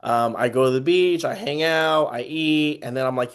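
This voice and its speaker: Animated storytelling man from Texas. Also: medium pitch, normal speed, few pauses, smooth. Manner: animated, acts out quoted voices. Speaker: podcast host. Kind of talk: casual storytelling chat.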